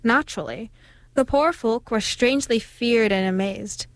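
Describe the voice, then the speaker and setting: A woman reading an old folk tale aloud in a steady, expressive storytelling manner. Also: on the high side, a little slow, no room sound.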